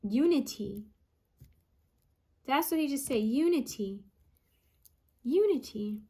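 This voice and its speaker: A woman psychic medium reading out channeled messages, repeating each word she hears and pausing often with ums. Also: sits high, expressive, dark tone, slightly rough. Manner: hesitant with frequent ums.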